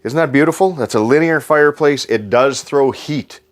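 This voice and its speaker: A man's voice: mid-range voice, moderate pace. A man giving an enthusiastic, joking sales walkthrough inside a travel trailer, repeating his selling points.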